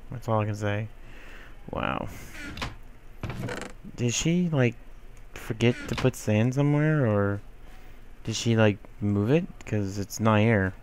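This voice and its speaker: A man's voice: fairly low pitch, slow pace, pauses often, darkish tone, slight background noise. A young man giving casual commentary over his gameplay, rambling to himself and swinging between mock whining and mumbling. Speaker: gaming video host.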